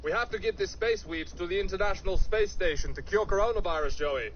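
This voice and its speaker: A man voicing a frantic, conspiracy-minded billionaire with a put-on South African accent, scolding and shouting. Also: high-pitched, fast talker, natural voice. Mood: ranting. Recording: muffled, noisy recording.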